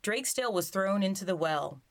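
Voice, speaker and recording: A woman's voice: medium pitch, a little fast. A woman reading a children's story aloud, breaking off for playful, joking asides. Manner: animated, joking asides between lines.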